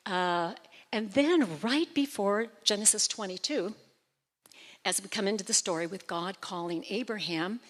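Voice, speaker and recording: A woman preaching a sermon in a church, explaining scripture in an animated, chatty way with light self-deprecating humor. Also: medium pitch, unhurried.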